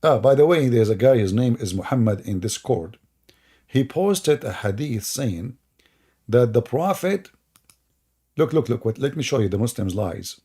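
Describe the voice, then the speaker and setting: Mocking man with a gravelly voice. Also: medium pitch, expressive, moderate pace, warm tone. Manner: sarcastic, mocking, rhetorical questions, chuckles. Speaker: online religious debate host. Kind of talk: mocking livestream commentary.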